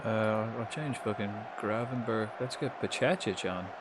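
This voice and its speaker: A man giving casual, swear-laden commentary while playing a football management game live, reacting loudly to the match. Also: fairly low pitch, measured pace, very noisy. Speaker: streamer.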